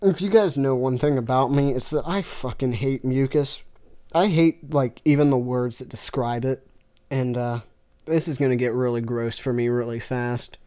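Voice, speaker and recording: Very low-voiced woman, deadpan reading. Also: normal speed. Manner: deadpan, sarcastic asides. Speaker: fanfiction reader. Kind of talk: comic reading with reactions.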